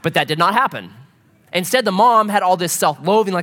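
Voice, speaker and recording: A middle-aged man preaching a sermon, telling stories in an animated way and swinging from loud to soft. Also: sits high, a little fast. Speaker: pastor. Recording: long hall reverb.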